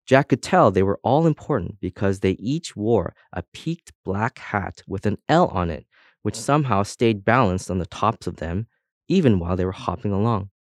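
A man's voice: fairly low pitch, moderate pace, no echo. Man narrating a storybook, dry close sound. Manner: expressive storytelling, voices each object. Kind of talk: audiobook narration.

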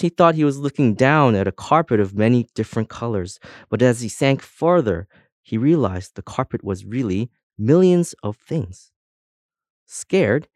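A man narrating a children's storybook in an expressive storytelling manner. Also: mid-range voice, dry recording, studio quality. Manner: expressive storytelling, voices each object. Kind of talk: audiobook narration.

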